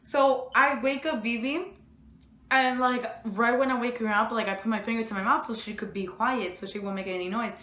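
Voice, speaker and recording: A woman's voice: on the high side, steady tone, moderate pace, bright, forceful tone. A young woman telling a storytime vlog, rambling with lots of fillers. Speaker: vlogger. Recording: echoey room.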